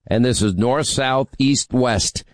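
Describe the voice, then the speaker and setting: A man's voice: mid-range voice, takes it slowly, dry recording. Emphatic man hosting a talk radio show. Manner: emphatic, teasing, rally-style delivery. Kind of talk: talk radio, taking calls.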